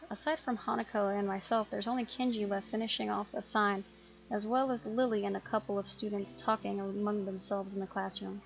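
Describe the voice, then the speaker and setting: A woman hosting a let's play, reading a visual novel aloud in a steady narrating voice with small slips. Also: mid-range voice, vocal fry, lo-fi sound.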